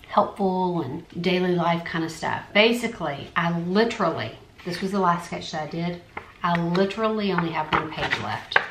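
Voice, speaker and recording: A woman's voice: on the low side, expressive, normal speed. A woman, an art YouTuber, chatting casually through a supply haul and muttering asides to herself. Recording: echoey room, faint noise.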